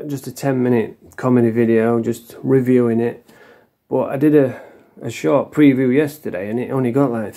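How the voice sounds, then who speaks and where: A man's voice: medium pitch, dark tone. A man telling a personal story to camera in a blunt, sweary, frank way. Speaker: vlogger. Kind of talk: casual storytelling monologue.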